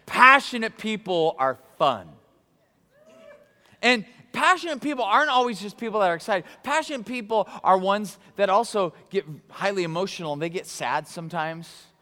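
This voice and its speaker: A man preaching a sermon as pastor, animated and conversational, swinging between excitement and quiet earnestness. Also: sits high, moderate pace. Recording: long hall reverb.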